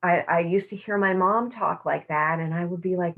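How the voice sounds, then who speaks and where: A woman teaching a self-care class, speaking in a soft, slow, affirming way over a video call. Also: fairly low pitch. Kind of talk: guided meditation and teaching. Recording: tinny phone-like audio.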